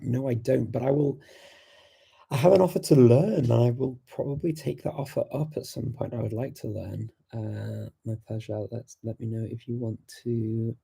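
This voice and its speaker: A man's voice: medium pitch, a little slow, creaky, long pauses, mellow, slightly rough. A British man hosting a casual livestream Q&A, chatty, laughing often, full of fillers. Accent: British English. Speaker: host of a language livestream.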